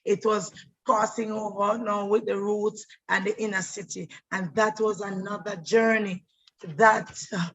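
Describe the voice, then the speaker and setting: Animated woman telling stories. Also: medium pitch, measured pace, lo-fi sound. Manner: animated, repeats words, breaks into voices and laughter. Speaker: stage actress. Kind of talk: personal storytelling monologue.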